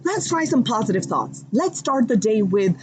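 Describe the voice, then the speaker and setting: A woman giving a live tarot reading, speaking warmly and directly to her viewers with affirming spiritual encouragement. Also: a little high, big pitch swings, normal speed, noisy background. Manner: chatty, addresses viewers directly. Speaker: tarot card reader.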